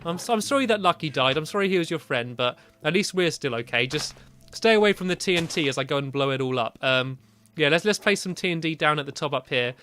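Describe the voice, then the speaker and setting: Excitable man narrating gameplay. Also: on the high side, fast talker, slight background noise. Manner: excitable, yelps and squeals when panicked. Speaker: gaming video host. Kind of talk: Minecraft let's-play commentary.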